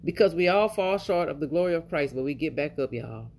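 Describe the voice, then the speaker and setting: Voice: medium pitch, expressive, fairly quick, darkish tone. A preacher retelling a parable in an informal sermon, casual and rambling, with plenty of 'you know' and 'y'all'.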